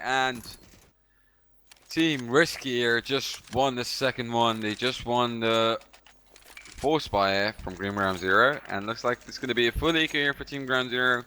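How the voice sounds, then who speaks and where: Bright-voiced male esports color commentator. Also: mid-range voice, a little hiss or hum. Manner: relaxed, analytical, slow on recaps. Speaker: esports co-caster and coach.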